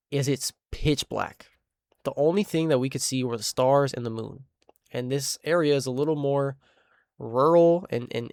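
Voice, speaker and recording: Animated young man telling a wild story. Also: medium pitch, clear, resonant tone, dry recording, studio quality. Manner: animated, slangy, with sound effects and restarts. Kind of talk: casual storytime.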